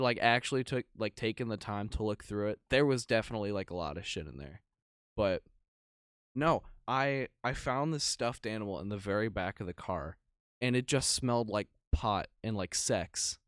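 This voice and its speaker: A man's voice: on the low side, a bit bright, clean tone, no room sound, clean studio sound. A young man co-hosting a podcast, telling rambling, profane stories in casual chat. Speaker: podcast co-host.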